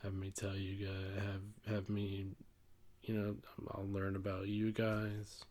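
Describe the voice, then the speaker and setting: A young man vlogging casually to camera, talking in a halting monotone that he admits to himself, swearing often and trailing off with fillers. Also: on the low side. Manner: slow, halting, monotone delivery.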